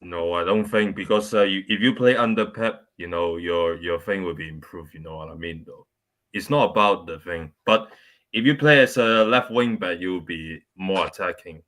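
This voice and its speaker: A man's voice: deep voice, normal speed, a bit bright, low-quality recording. A man joining a live-streamed panel as a guest over a video call, speaking hesitantly with frequent fillers.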